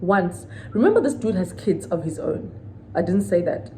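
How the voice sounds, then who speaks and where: An indignant woman in her thirties vents straight to the camera, hammering her points home and throwing questions at her viewers. Her voice is mellow and warm, sitting at a middling pitch for a woman. A faint hiss runs under the recording. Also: very animated, moderate pace, rough recording. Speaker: vlogger. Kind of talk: venting storytime to camera.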